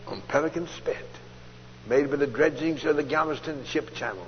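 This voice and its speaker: A man telling his conversion story as a sermon, folksy and storytelling, jumping from loud outbursts to hushed asides. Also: mid-range voice, normal speed. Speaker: preacher giving testimony. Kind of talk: testimony sermon. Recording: dull old tape recording in a large hall, faint hiss.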